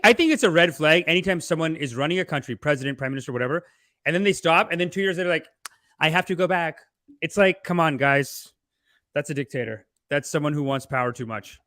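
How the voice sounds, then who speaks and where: Male podcast host, animated sarcastic commentary, slightly high, dry mic. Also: no echo. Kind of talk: comedic commentary.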